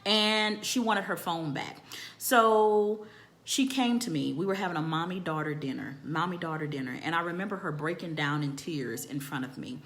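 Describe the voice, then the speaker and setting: A woman telling a personal story in a candid, animated and profane way, often repeating phrases for emphasis. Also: on the low side, normal speed. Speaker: storytelling vlogger.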